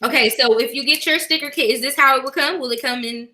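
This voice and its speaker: Woman host, casual chatter, high-pitched and bright, emotional and laughing. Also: fast, poor audio. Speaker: YouTube host. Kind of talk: casual chat.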